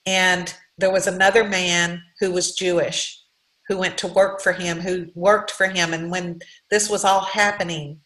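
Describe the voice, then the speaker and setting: A woman's voice: fairly low pitch, level tone, fairly bright tone, roomy sound, poor audio. Earnest woman giving a heartfelt pep talk. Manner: earnest, heartfelt, preachy, with halting restarts. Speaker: guest speaker, direct sales leader. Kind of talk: motivational faith-based talk.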